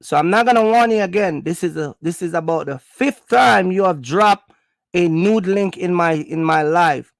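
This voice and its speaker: A Jamaican man with a gravelly, slightly raised voice rambles loosely through a story on his livestream, full of ums and asides. Recorded dry and close, with no room sound. His tone can harden into a blunt, serious warning to his viewers. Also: high-pitched, moderate pace, no echo. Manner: rambling, filler-heavy, turns stern and warning. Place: at home.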